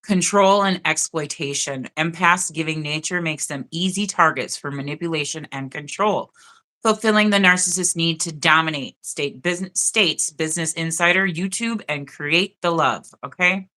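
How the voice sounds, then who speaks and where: A woman's voice: sits low, moderate pace, pushed and bright. A woman hosting a live stream, reading notes aloud in a chatty way and often checking in with "okay?". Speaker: host of a live spiritual stream.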